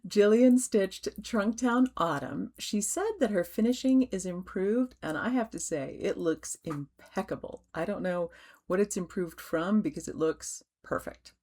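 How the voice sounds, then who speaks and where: A middle-aged woman hosting a stitching vlog, chatting gently with soft fillers and restarts and yawning now and then. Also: medium pitch, unhurried. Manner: yawns while talking. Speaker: cross-stitch designer and vlog host. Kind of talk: casual show-and-tell vlog.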